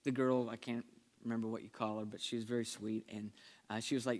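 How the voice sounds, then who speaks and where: Guy pastor preaching, chatty and earnest, mid pitch, gets loud then goes real quiet. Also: fast talker. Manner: conversational, earnest, varies between energetic and hushed. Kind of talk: sermon.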